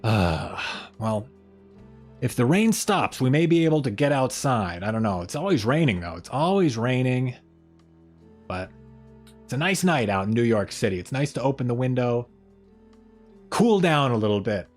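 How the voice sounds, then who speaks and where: Man streamer, casual and rambling, lively pitch, faint music behind. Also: normal speed, pauses often. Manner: rambling, self-mocking, trailing off. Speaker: streamer host. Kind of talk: casual live-stream chat. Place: home room by an open window.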